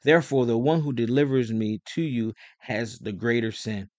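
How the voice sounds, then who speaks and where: A man voicing a calm, solemn teacher on trial, speaking quietly and measuredly. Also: medium pitch, normal speed, dry recording, natural voice.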